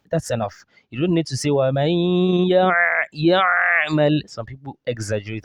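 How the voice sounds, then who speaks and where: A man teaching Quran recitation, drilling throat sounds slowly with exaggerated demonstrations and quizzing his listeners as he goes. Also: medium pitch, a little mellow, dry recording, studio quality. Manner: drills sounds slowly, asks and answers his own questions. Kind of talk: pronunciation lesson.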